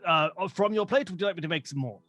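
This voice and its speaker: Nervous, deferential manservant, high and stammering, man voicing him. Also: fast talker, a bit bright, faint music behind. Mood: eager. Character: flustered polite male manservant.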